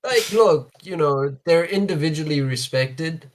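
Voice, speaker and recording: A South African man co-hosting a casual podcast, talking in an animated, opinionated way and leaning on "like" and "look" as he makes his points. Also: a little high, measured pace, low-quality recording. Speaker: podcast co-host.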